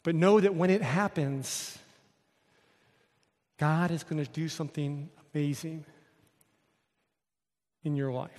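A man's voice: on the high side, fairly even intonation, takes it slowly, pauses often, a little mellow. A male pastor preaching a sermon, telling a story with emphatic repetition. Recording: long hall reverb.

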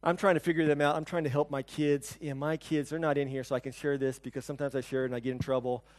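A male pastor giving a conversational sermon, telling stories, asking the congregation questions, and swinging between soft and loud. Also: fairly high pitch, level tone, fast talker. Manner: storytelling, asks the congregation questions.

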